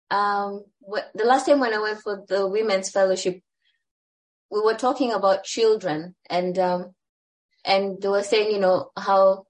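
A woman shares a personal story with her church group in a chatty way, with plenty of fillers. Her voice sits at an ordinary middle pitch. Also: rough recording. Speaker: group member.

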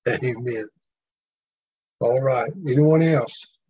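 A man's voice: mid-range voice, takes it slowly, warm tone, slightly rough. A man leading a church group's sharing time, encouraging and affirming each speaker. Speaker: prayer group leader.

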